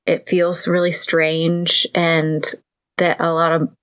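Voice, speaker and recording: Woman podcast host, lowish voice. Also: completely flat delivery, slow pace, a bit bright, clear, resonant tone. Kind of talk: casual interview chat.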